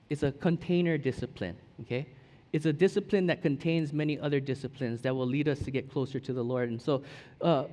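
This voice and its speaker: A man's voice: on the high side, a little mellow. A male pastor preaching a conversational sermon full of restarts and friendly check-ins, recorded in a church hall. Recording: long hall reverb.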